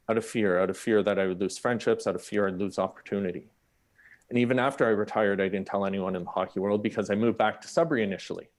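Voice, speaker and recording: A man, speaking on a panel and telling a personal story candidly, acting out the people in it. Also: on the low side. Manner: candid, animated, acts out the people in his story.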